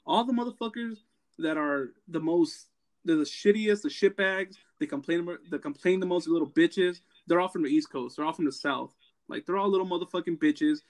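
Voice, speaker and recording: A man's voice: a little high, normal speed. A man from California, a former Marine, ranting bluntly in casual chat with heavy profanity.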